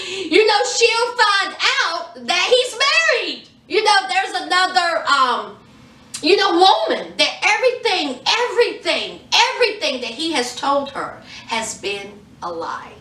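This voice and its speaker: A sassy woman retelling a reality show episode in a casual vlog, her high voice swooping all over. She speaks slowly and brightly. The sound comes from a little way off in an echoey room. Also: distant mic. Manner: animated, sassy storytelling. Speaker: TV show reviewer.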